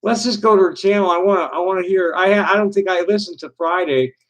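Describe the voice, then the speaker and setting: Halting man rambling on a livestream. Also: high voice, a bit bright, rough recording. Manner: halting, with many restarts and repeated words. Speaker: livestream host and busker. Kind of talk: rambling casual chat.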